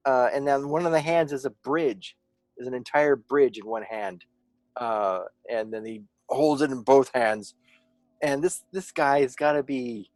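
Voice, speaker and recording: A man narrating as game master of a tabletop game, often pausing and restarting as he searches for words. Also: mid-range voice, darkish tone, no room sound.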